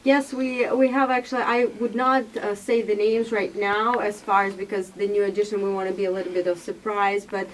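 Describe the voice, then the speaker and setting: A woman's voice: medium pitch, little pitch movement, a little fast, few pauses, recorded from a distance, a little hiss or hum, poor audio. A woman whose first language is Russian, talking about her magazine in a radio interview, hesitant and full of fillers. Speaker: magazine editor.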